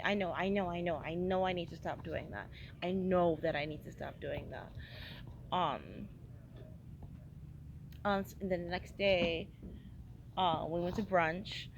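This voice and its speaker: A woman's voice: lowish voice, a little slow, long pauses, a little mellow, a little hiss or hum, rough recording. A young woman vlogging a casual travel diary, tired and hungover, rambling with lots of fillers and scolding herself. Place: airport waiting area.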